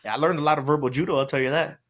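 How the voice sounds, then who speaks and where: Laid-back man swapping rough stories. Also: a little high, very fast. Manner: relaxed, swearing storyteller who acts out quoted voices. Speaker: podcast guest. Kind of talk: casual chat.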